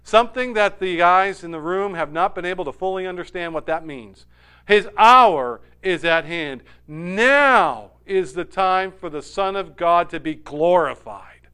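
A man preaching a sermon, animated, dropping to a hush and rising loud when he acts out quoted lines. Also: sits high, normal speed, smooth. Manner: animated, swings from hushed to loud when quoting. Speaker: pastor.

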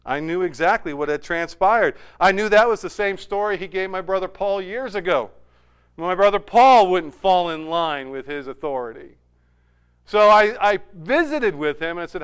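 A man's voice: high-pitched, lively intonation, moderate pace, a bit bright, clear, resonant tone. A middle-aged man preaching a sermon, telling a family story and rising to emphatic peaks. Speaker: pastor.

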